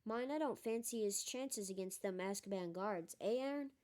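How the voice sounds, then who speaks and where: A woman's voice: medium pitch, normal speed, lightly acted. A woman doing a gossipy young bus conductor. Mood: dramatic. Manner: excitable, gossipy, dropped aitches. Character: chatty young Cockney bus conductor man.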